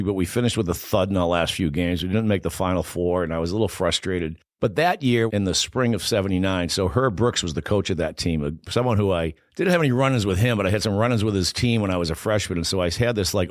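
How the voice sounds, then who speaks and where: Fast-talking older Boston man. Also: deep voice, dry recording, clean studio sound. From Boston, USA. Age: 60s. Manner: fast, animated storyteller. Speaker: podcast guest, former Olympic hockey player. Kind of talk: casual storytelling interview.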